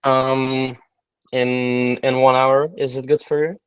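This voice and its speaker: A man's voice: medium pitch, flat delivery, takes it slowly, clean tone, dry recording, rough recording. A man from Lithuania with a Lithuanian accent, a trainee doing a hesitant sales call role play. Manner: hesitant, many fillers.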